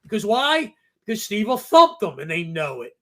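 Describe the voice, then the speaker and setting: His high voice swings hugely in pitch and has a sharp tone, delivered at a moderate pace. He co-hosts a casual talk show, telling stories emphatically in a relaxed podcast chat and repeatedly tagging on "okay?"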